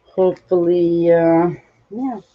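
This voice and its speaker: A tired woman hosting a casual livestream while crafting, rambling and greeting viewers from chat. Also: fairly low pitch. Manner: slow, rambling, reads chat aloud. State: tired, yawning. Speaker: livestream host. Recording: dull lo-fi stream audio.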